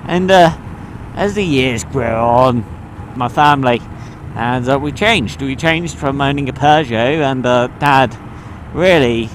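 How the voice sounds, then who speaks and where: A man from the UK giving a casual vlog monologue, animated and swearing, with his voice jumping between high and low. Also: unhurried, a little hiss or hum. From United Kingdom. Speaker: motovlogger.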